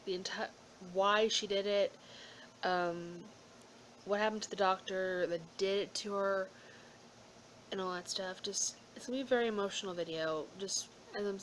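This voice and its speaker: A woman's voice: mid-range voice, moderate pace, a bit bright, a little hiss or hum, low-quality recording. A woman talking to her channel in a casual vlog update, rambling and emotional, sometimes dropping into whispers, trying not to cry. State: holding back tears. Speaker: YouTuber.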